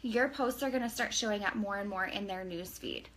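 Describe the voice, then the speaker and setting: A woman's voice: medium pitch, a little fast, a bit bright. A woman co-hosting a casual live stream, chatting freely, reading out viewer comments and joking apologies. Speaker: direct sales consultant.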